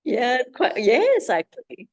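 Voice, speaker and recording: A woman with a slightly high voice speaks on a video call. She tells a story in an excitable, giggly way, and her voice jumps up whenever she gets animated. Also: takes it slowly. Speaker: yoga student on a webinar. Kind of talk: casual storytelling.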